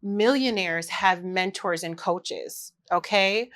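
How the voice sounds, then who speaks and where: A woman's voice: fairly low pitch, slow, fairly bright tone. Woman, 30s, heartfelt solo podcast talk, confessional, direct to listeners. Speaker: podcast host. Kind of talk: candid solo podcast monologue.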